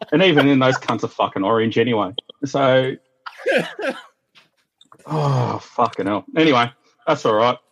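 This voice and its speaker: A man's voice: medium pitch, sing-song, slow pace, gravelly, long pauses, fairly bright tone, a little hiss or hum. An Australian man ranting bluntly and swearing constantly as a guest on a casual podcast call.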